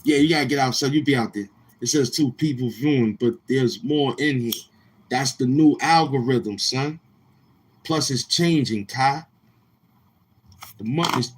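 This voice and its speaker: A man hosting a live stream, mocking someone in a slow drawl with drawn-out hums. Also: mid-range voice, breathy edge, low-quality recording. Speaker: livestream show host. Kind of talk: trash-talking live stream commentary.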